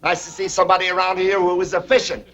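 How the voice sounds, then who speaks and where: A man's voice: high voice, flat delivery, fast talker, crowd noise, lightly acted. A man playing a barking, efficiency-mad bald boss. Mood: bossy. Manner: barks orders, rattles off repeated words. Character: brash, efficiency-obsessed bald male bank executive. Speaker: bank efficiency expert. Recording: muffled old TV soundtrack with hiss.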